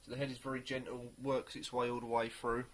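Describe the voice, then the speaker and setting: Man, casual beer reviewer, rambling and unhurried, mid-range voice. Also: mid-range voice, completely flat delivery. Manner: rambling, hesitant, many pauses.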